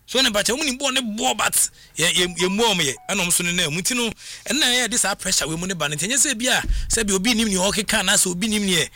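Mixing Twi and English, a Ghanaian-accented man runs a casual sports news chat on the radio, hesitating often with fillers and restarts. He talks fast in a high, pushed, bright voice, and there's no echo.

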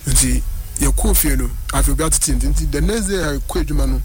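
A man's voice: a little high, brisk, darkish tone. A man telling a personal story on a radio phone-in, switching between languages and often saying "yes, please". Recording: radio broadcast with music behind. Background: music.

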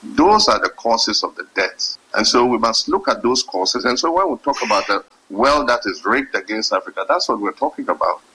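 A man speaks in a low, slightly husky voice with a forceful edge. He delivers a formal address, measured and deliberate, stretching key words for emphasis. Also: expressive, poor audio. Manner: measured, emphatic, slows down to stress points. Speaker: head of state giving a speech. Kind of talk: formal speech.

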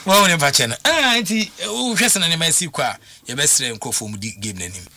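A man's voice: on the high side, animated, fast talker, sharp tone, slight background noise. A man talking football as a pundit, emphatic and full of restarts and repeated words. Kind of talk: animated radio sports talk.

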